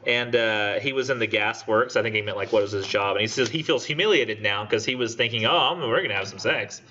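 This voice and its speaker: A man teaching a college literature class in a casual, animated way, acting out quoted lines. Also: fairly low pitch, fairly quick. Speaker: college English instructor. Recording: dull lo-fi classroom recording.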